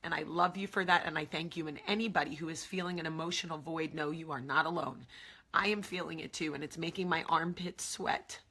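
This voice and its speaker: This woman, in her 40s, hosts an emotional confessional vlog, raw and tearful, repeating things and sinking into whispers. Her voice is deep yet pushed and bright, fairly even in intonation, a little fast, with a breathy edge.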